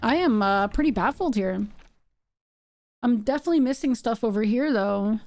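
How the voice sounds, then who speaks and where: A young woman streams a game and chats loosely as she plays, thinking out loud and poking fun at her own confusion. Her voice sits a little high yet sounds soft and mellow. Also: lively intonation, normal speed, dry recording, faint music behind. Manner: rambling, self-mocking, thinks out loud. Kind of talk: casual live-stream chat while gaming.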